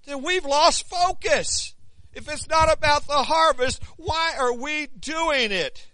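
A man preaching a sermon, moving between hushed questions and loud, shouted exhortation, and stumbling over Greek words. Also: very high-pitched, takes it slowly, no echo.

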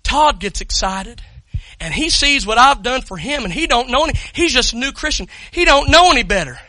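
Casual: guy preaching with a super bright sharp voice, dry close sound, gets loud and pumped. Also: extremely high pitch, brisk, no room sound, low-quality recording. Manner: swings from hushed storytelling to loud excited shouting; talks directly to the congregation, calls people up. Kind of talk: sermon.

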